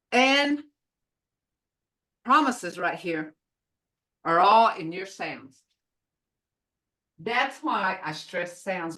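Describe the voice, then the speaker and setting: A woman teaching a beginner language class over a video call, slowly sounding out each syllable for her students. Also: medium pitch, sharp tone. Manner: slow, deliberate, sounding out syllables.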